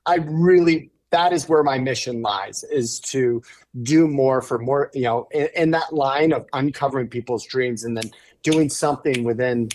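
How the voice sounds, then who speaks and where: A man guesting on a podcast, telling a story in an animated, excitable way as an author and speaker. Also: medium pitch, moderate pace. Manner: energetic and excitable, building up with enthusiasm. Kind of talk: animated storytelling in casual conversation.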